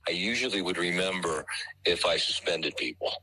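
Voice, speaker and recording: A middle-aged man, a former school administrator, interviewed for the news and speaking in a measured way with pauses. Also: sits low, bright, forceful tone, dry recording, rough recording.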